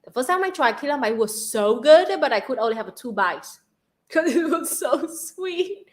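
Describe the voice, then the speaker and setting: A woman from Central Vietnam with a Vietnamese accent, hosting a casual livestream chat, bubbly and quick to laugh. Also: high voice, lively intonation. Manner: bubbly, laughs often, reads donation questions. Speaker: livestream host.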